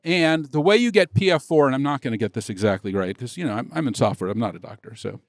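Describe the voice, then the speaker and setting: A middle-aged man, a tech executive, telling a rambling story on a conference stage, acting out the dialogue with excitement. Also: mid-range voice, fast, no echo, clean studio sound. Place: conference stage before an audience.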